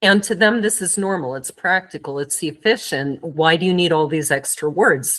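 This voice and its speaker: Woman, from Germany, podcast host, thoughtful, lowish pitch. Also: moderate pace, hardly any pauses, a bit bright, low-quality recording. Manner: thoughtful, asks questions at length. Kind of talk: conversational podcast interview.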